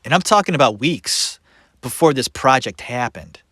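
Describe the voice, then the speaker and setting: Lively, laughing male podcast host. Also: mid-range voice, normal speed, no echo, clean studio sound. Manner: animated, laughs often, sarcastic asides. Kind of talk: solo podcast commentary.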